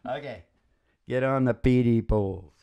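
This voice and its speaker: A man's voice: mid-range voice, smooth. A man hosting a radio show in casual chat, blunt and swearing, often trailing off mid-sentence. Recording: loud acoustic guitar behind voice.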